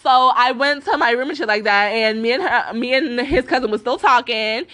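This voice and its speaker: A young woman vlogger, tired after being up all night, rants casually through a profane storytime. Her voice is fairly high and sharp at normal speed, packed with curse words and fillers like "like" and "bro".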